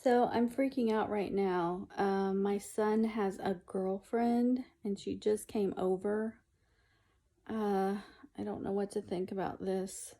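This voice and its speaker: Brief: slow-talking woman vlogger, casual, chatty, filler-heavy, at home. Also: mid-range voice, fairly even intonation, warm tone. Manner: chatty, unhurried, many fillers, playful scolding of a cat. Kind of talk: casual home vlog chat. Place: at home indoors.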